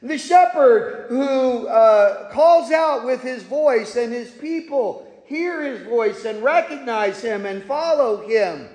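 Slow-talking pastor in an echoey hall. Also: male voice, high voice. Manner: folksy, jokey asides to the congregation. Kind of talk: sermon. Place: church sanctuary.

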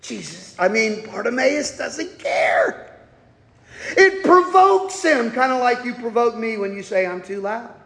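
High-voiced preacher in an echoey hall. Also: male voice, animated, unhurried, gravelly. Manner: emphatic preaching with sudden loud outbursts and hushed asides. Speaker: pastor. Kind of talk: sermon. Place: church sanctuary. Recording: echoey hall with long reverb.

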